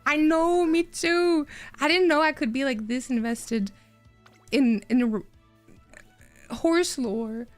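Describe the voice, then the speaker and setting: High-voiced, unhurried woman streamer. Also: no echo, soft background music. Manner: rambling and excitable, answers chat. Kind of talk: casual live-stream chat while gaming.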